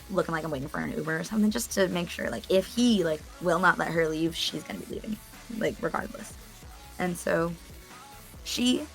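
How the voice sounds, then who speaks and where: A woman's voice: lowish voice, vocal fry. A woman casually telling a story, chatty, with lots of fillers. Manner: chatty, animated retelling with many fillers.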